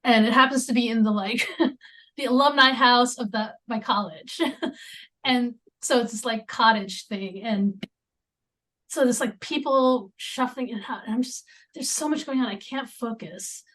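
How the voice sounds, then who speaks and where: Halting woman guest, sometimes near a whisper. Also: fairly high pitch. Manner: halting, with many fillers and restarts; drops into near-whispers at times. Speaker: podcast guest. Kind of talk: conversational interview.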